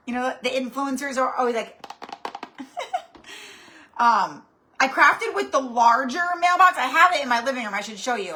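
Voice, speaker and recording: A woman with a high voice and a sharp tone hosts a craft channel's live-stream tutorial. She's chatty and rambling, greeting viewers by name as she goes.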